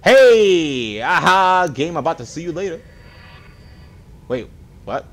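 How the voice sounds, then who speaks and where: Excitable deep-voiced man gaming. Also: normal speed, husky. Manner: excitable, swears a lot, talks to viewers. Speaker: gaming video creator. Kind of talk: casual let's-play commentary.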